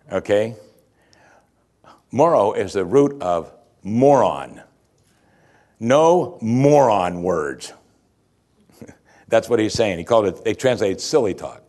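A man preaching a sermon, explaining scripture in an animated way with chuckling asides and emphatic rising peaks. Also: on the low side. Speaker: pastor.

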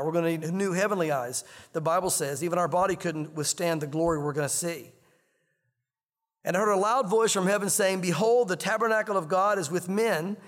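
A man's voice: sits high, a bit bright, big-room sound. A man preaching a sermon as pastor, in an earnest, conversational way, repeating himself as he reads and explains scripture.

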